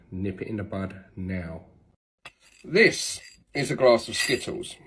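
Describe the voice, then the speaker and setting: A man with an English accent giving blunt, emphatic dog-training tips to camera, cursing now and then. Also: fairly low pitch. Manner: blunt, emphatic, swears casually.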